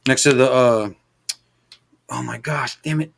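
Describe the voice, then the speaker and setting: A man's voice: medium pitch, steady tone, unhurried, gravelly, fairly bright tone. A middle-aged man from the Los Angeles area telling a long story in casual chat, rambling and profane, with lots of fillers. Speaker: stream host.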